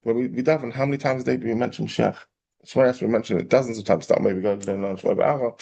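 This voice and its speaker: A man, a rabbi telling a parable in a lively storytelling class. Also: mid-range voice, rapid-fire, vocal fry, lo-fi sound. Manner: animated storyteller, acting out quotes.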